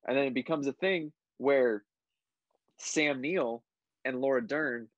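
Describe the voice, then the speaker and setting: A man's voice: mid-range voice, slow, no echo. Tipsy rambling man on a dull mic. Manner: rambling, backtracks often. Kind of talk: casual movie discussion.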